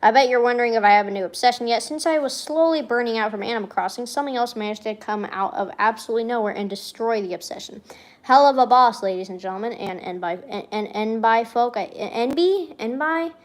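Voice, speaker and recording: Excitable young woman, rambling and swearing. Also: a little high, fast talker, hardly any pauses. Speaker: streamer. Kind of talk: casual chat reading an old journal.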